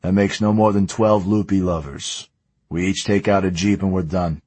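A man's voice: sits low, fairly even intonation, normal speed, darkish tone, slightly rough, dry recording. A man doing Ruvo, crude wisecracking gunman. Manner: crude jokey banter. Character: crude, wisecracking male shooter.

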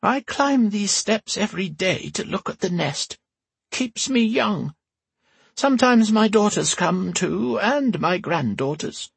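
A man voicing an old empress who is creaky and sharp-tongued, in a high put-on voice. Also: no room sound, heavily acted.

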